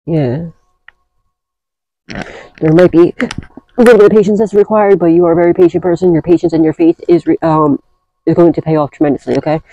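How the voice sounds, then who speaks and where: A woman's voice: low voice, little pitch movement, brisk, pauses often, dark tone, dry recording, highs cut off. A woman giving a casual tarot reading, blunt and profane, rambling through restarts as she talks to her viewers. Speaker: tarot reader.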